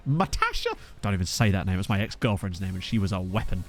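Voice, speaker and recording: A young man chats casually as he streams a game, cracking jokes and riffing on the names in his chat. His pitch bounces around a lot, and faint music plays underneath. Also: big pitch swings, fast. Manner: jokey, riffing on viewers' names. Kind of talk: casual gameplay commentary reading chat.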